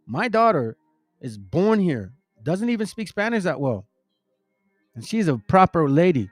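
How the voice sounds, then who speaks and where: Middle-aged man, slightly high voice, slangy rambling monologue to online followers, voices the characters in his anecdotes. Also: very animated, a little slow, no room sound, faint music behind. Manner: slangy, addresses listeners as bro and family; retells stories acting out each character. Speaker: online religious commentator.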